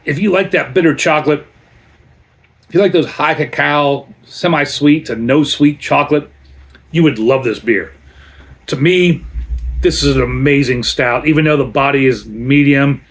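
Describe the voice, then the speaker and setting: A man's voice: on the high side, normal speed. Chatty man rambling through a beer review. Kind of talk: casual beer review vlog.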